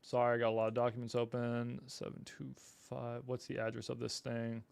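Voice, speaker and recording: A man's voice: mid-range voice, completely flat delivery, fairly quick, gravelly, a little mellow, clear, resonant tone. A man hosting a casual livestream, apologetic and flustered while he fights his equipment and talks to viewers. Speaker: livestream host.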